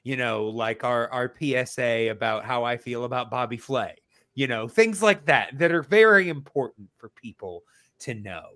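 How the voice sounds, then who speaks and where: A man on a podcast giving a casual mock lesson, talking slowly and explaining step by step with lots of fillers. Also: mid-range voice, lively intonation, a bit bright. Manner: slow, explanatory, many fillers and restarts. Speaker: podcast co-host.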